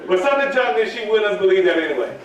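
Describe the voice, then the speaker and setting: High-voiced man speaking in an echoey hall. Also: racing, distant mic, crowd noise. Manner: animated, calls for audience answers. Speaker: motivational speaker at student workshop. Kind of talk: storytelling talk to a live audience. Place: large hall at a live event.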